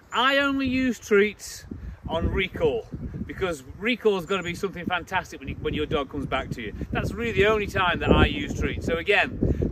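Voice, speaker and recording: A man giving blunt, opinionated dog-training advice to camera, outdoors. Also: noisy background. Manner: blunt, opinionated, mocks baby talk in a high voice.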